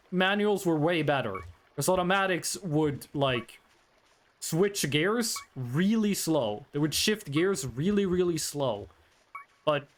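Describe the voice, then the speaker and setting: Male streamer, high animated voice, rambling chat banter, faint background hiss. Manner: rambling, reads chat aloud, frequent ums. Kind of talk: casual live-stream chat.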